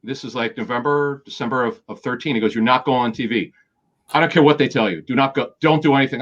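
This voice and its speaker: A man's voice: medium pitch, steady tone, quick pace, highs cut off. A middle-aged man, a guest in an interview, telling anecdotes with quoted dialogue and frequent restarts. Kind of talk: storytelling in an interview.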